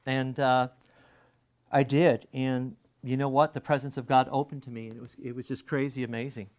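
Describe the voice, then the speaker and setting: A middle-aged male pastor giving an earnest, conversational sermon, swinging between loud bursts and hushed asides. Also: medium pitch, flat delivery, moderate pace.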